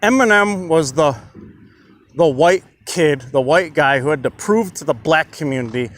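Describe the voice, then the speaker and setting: A man's voice: a little high, animated, moderate pace. A man talking bluntly to his viewers in a casual monologue, swearing often and asking "do you understand?" again and again. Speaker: commentary vlogger.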